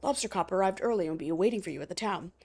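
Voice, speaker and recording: A woman's voice: on the low side, very fast, a little mellow. Woman doing a prickly detective supervisor. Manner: prickly, defensive.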